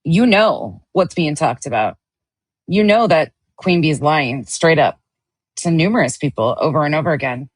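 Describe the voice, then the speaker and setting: A woman's voice: deep voice, lively intonation, normal speed, slightly rough, no room sound. Sarcastic woman reacting to clips. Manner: sarcastic, defensive asides. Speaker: channel owner reacting to stream clips. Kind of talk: reaction commentary.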